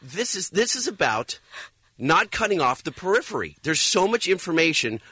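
Radio co-host, male, pushy debater; bright, slightly husky voice, dry close sound. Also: high voice, big pitch swings, normal speed, no echo. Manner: insistent, argumentative, talks over others. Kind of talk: casual on-air debate.

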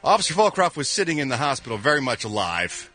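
Lively, animated male radio host. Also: mid-range voice, faint music behind. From Philadelphia. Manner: animated, jokey, with quick sound-effect interjections. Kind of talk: morning radio entertainment news. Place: radio studio.

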